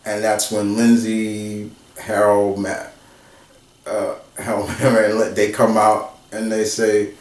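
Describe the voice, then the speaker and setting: Slow rambling storyteller man. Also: fairly low pitch, completely flat delivery, slight background noise. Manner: rambling, with restarts and quick laughs. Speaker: channel host retelling a fan story. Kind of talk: casual storytelling. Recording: roomy, from a distance.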